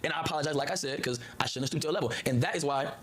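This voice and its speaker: A man's voice: fairly high pitch, very fast, fairly bright tone. A man on a livestream clip, talking in a rambling, heated way and repeating "you feel me" and "you know what I'm saying.". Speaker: streamer in a played clip. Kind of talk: heated casual livestream talk.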